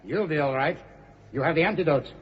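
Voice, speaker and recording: Suave commanding villain, slightly high voice, vintage radio play. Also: male voice, a little fast. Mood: menacing. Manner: smooth, mocking and commanding. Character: suave scheming male villain mastermind. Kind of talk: 1940s radio acting. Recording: dull old radio recording with hiss.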